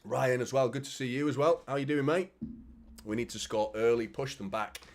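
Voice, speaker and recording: A Mancunian man hosts a live football watchalong for a fan channel, speaking at mid pitch and normal speed in a steady tone. He chats, swears, reads viewer comments aloud, and keeps saying "mate" and "do you know what I mean".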